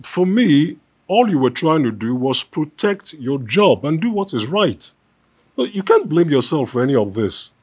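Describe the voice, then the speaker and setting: A soothing, devout Nigerian husband. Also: male voice, a little high, sing-song, measured pace, breathy edge, exaggerated voice. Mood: consoling. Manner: gentle, pleading, reassuring. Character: devout, soothing husband consoling his wife. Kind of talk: film drama acting.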